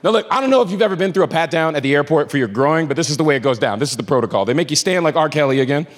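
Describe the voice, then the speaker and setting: A man telling a stand-up story on a club stage, moving from low mutters to shouted punchlines. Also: expressive, rapid-fire. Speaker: stand-up comedian. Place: comedy club stage before a live audience. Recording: live club recording, long reverb, crowd noise. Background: audience laughter.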